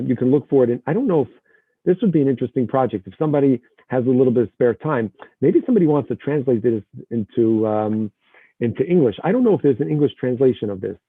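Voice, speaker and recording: A man's voice: medium pitch, slightly rough, no room sound. A man teaching an online text-study lesson over a video call, reading passages aloud and translating them line by line. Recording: dry, narrow phone-like video call audio.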